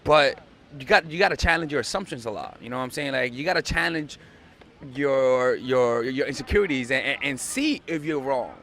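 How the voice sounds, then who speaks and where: A man's voice: medium pitch, expressive, brisk, a bit bright, slight background noise. A young man giving casual dating advice, blunt and profane, repeating himself for emphasis. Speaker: dating coach.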